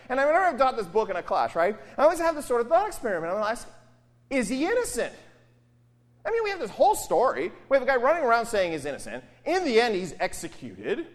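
A man preaching a sermon as a pastor, putting rhetorical questions to the congregation in an animated way. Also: extremely high pitch. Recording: long reverb of a large hall.

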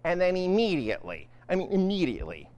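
Male pastor, conversational sermon, very expressive swooping voice, long reverb. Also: high-pitched, fast talker. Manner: conversational, keeps asking "right?".

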